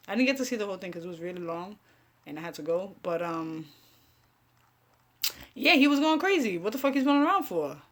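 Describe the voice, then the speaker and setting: Brash New woman host, high and sharp, profane casual commentary. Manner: blunt, profane, heated, talks to her chat. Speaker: online radio show host.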